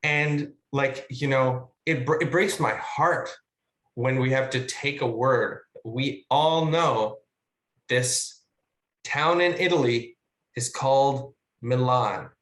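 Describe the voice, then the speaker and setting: A man in the middle of a relaxed video-call talk, thinking aloud as a guest actor, with plenty of "um"s, "like"s and restarted phrases. His voice sits in an ordinary middle range and rings with a roomy echo. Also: medium pitch, takes it slowly. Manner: musing, chatty, with many fillers and restarts. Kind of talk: casual webinar discussion.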